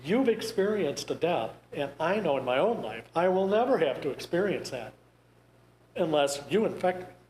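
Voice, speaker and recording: A man talks to a group in a conversational, wry way, dropping in jokes. His voice sits a little high. The room is echoey, with a faint hiss underneath. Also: very animated, normal speed, a little mellow. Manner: wry, conversational, joking asides. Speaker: grief presenter. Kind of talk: talk to a group. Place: church meeting room.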